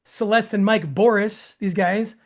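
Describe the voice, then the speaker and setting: A man hosting an interview tells a long story with excitement. He acts out the voices of other people, with his pitch jumping up sharply, restarts often, and laughs as he goes. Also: measured pace. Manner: excitable, acts out quoted dialogue with jumps in pitch. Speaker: host.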